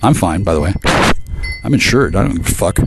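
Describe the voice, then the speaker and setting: A man's voice: low-pitched, lively intonation, brisk, vocal fry, very noisy. A man ranting at length to his viewers, profane and aggressive, with frequent stammering restarts. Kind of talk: rambling profane rant to camera.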